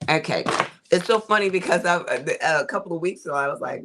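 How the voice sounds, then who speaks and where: A woman's voice: on the low side, animated, quick pace, a bit bright. A middle-aged woman hosting a casual craft livestream, chatty and folksy, calling her viewers y'all and honey.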